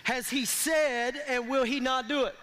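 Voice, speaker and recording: High, bright-voiced man preaching a sermon. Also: fairly even intonation, measured pace. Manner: preaching with call-and-response to the congregation. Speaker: pastor. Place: church sanctuary. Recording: long reverb of a large hall.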